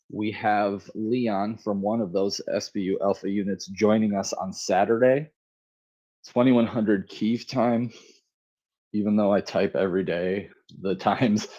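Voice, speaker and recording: A man with a very low voice speaks in a relaxed, conversational way, drifting through his points. The sound is dull and lo-fi, like an online audio stream. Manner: relaxed, conversational, rambling fundraiser pitch. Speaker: co-host of a live audio space. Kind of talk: casual live chat.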